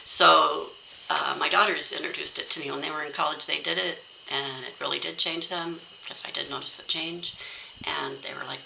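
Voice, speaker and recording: Deep gravelly middle-aged woman teaching. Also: fairly even intonation, normal speed, noisy background. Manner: candid, reflective, encouraging. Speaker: self-help course teacher. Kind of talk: casual instructional talk.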